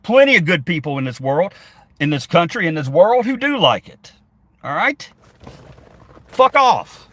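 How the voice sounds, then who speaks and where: Here the middle-aged streamer sounds a little high, very animated and fairly quick. Reading comments while he drives, he responds in a combative, sarcastic rant laced with swearing.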